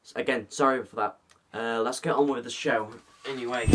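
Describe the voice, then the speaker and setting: A man rambling his way through a casual vlog, stumbling over names and restarting often. His voice sits at an ordinary pitch, and at times he plays up mock fright. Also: fairly even intonation, brisk, few pauses, pushed and bright. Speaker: host. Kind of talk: casual vlog commentary and spoof skit.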